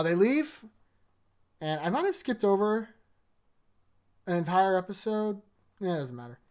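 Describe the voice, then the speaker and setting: A man's voice: fairly high pitch, clear, resonant tone. Rambling man recapping episodes. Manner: rambling, filler-heavy, lots of "like" and "uh". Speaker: anime recap vlogger. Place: in front of a green screen.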